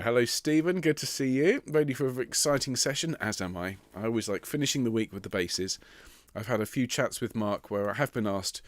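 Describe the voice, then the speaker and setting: A lower-voiced man runs a home online choir rehearsal, greeting each singer with light teasing. His voice sounds a touch rough and sandpapery. The sound is dry and close, from a computer mic with no room echo. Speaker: choir director. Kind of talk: live online rehearsal chat. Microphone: computer mic on a video stream.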